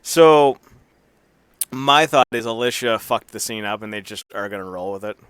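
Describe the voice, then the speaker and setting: A man's voice: lowish voice, normal speed, fairly bright tone, smooth, dry recording. A man co-hosting a casual wrestling podcast, cracking profane jokes and acting out quotes in silly voices. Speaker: podcast co-host.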